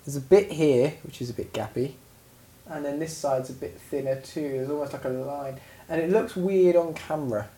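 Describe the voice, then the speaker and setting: A man co-hosting a podcast in casual chat, an animated storyteller who laughs often. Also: a little high, moderate pace. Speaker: podcast co-host.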